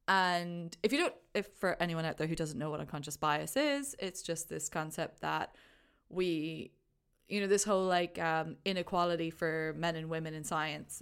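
A woman's voice: fairly low pitch, smooth. A woman co-hosting a podcast, chatting casually about a movie and acting out her own thoughts, with lots of fillers. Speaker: podcast co-host.

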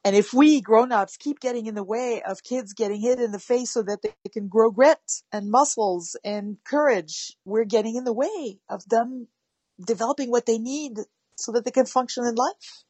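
A woman with a slightly husky voice speaks in a close, dry recording. She talks animatedly about parenting and often acts out gentle, soothing words to a child. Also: a little high, moderate pace, no echo. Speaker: parenting guest. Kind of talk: conversational interview.

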